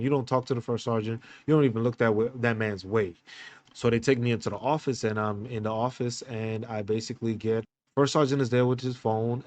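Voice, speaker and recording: A man hosting a podcast, telling a personal story in a candid, halting way with many fillers and restarts. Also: medium pitch, no echo. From United States. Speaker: podcast host.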